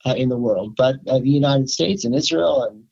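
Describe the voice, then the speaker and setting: An older man speaks as a rabbi in a casual interview, pitched at an ordinary middle height. He stops and restarts often, filling gaps with "um" and "uh". The sound is dull and lo-fi. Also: creaky, a little mellow. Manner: halting, many fillers and restarts. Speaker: rabbi, podcast guest.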